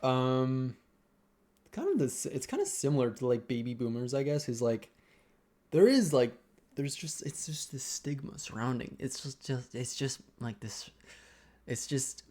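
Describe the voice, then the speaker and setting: A young man vlogging a casual personal rant, halting and rambling as he keeps restarting his sentences. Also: mid-range voice, expressive, a little mellow.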